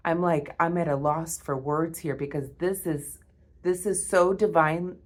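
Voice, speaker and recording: A woman giving a spiritual tarot reading to her viewers, awed and emotional, repeating herself and often breaking off with a soft "wow.". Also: deep voice, steady tone, a little slow. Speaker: tarot reader.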